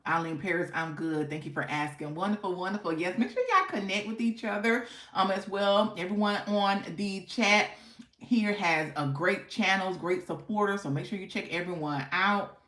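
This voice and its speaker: A woman hosts a casual live stream, chatting with her viewers in a playful, talkative way. Her pitch swings up and down with plenty of life. The room around her rings with a noticeable echo. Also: animated, moderate pace, a bit bright. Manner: chatty and playful, laughs often, talks back to the chat. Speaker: livestream host.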